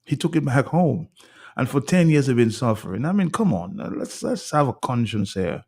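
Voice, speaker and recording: A man hosts a call-in radio show, brisk and conversational. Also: medium pitch, big pitch swings, darkish tone. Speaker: radio talk show host.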